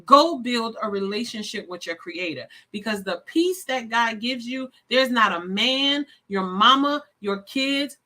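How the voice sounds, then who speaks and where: A woman's voice: a little high, bright, forceful tone. A woman hosting a live stream, signing off in a casual, effusive chat that often calls her viewers y'all. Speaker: live show host.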